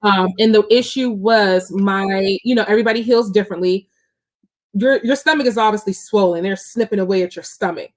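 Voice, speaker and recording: A woman's voice: medium pitch, brisk. Chatty woman telling her story. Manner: open and chatty, many fillers. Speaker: guest. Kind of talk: candid personal storytelling.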